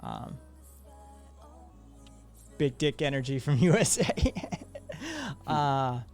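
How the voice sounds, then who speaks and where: A man hosting a live stream in loose, casual chat, swearing freely and getting animated as he reads viewer messages. His voice sits at an ordinary middle pitch, with faint music playing behind him. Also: takes it slowly. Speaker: streamer host.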